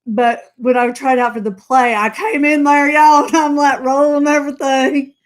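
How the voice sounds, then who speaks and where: A woman with a light Southern US drawl hosting a casual live chat, talkative and quick to laugh at herself, heard over a video call. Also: high voice. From Southern United States. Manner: chatty, laughs often, self-mocking. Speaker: host.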